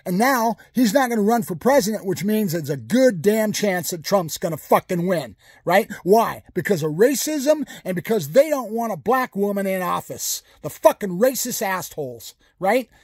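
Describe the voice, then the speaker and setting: A furious man rants straight at the camera in a high, husky voice, swearing and hammering his points again and again. The sound is dry and close, with no room around him. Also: very animated, moderate pace, few pauses, a little mellow, dry recording. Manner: heated, profane, repetitive and emphatic. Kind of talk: political rant to camera.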